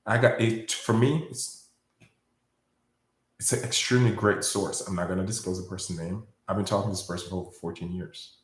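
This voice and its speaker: A man's voice: low-pitched, steady tone, brisk, roomy sound, slight background noise. A man hosting his own video, talking in a rambling monologue to viewers, often repeating words and berating his critics. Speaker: video host. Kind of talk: casual monologue to camera.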